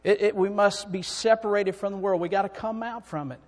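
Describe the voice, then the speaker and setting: Male preacher, very high voice, fervent sermon delivery, long hall reverb. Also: fairly even intonation, brisk. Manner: rising to fervent shouting peaks. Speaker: preacher and song director.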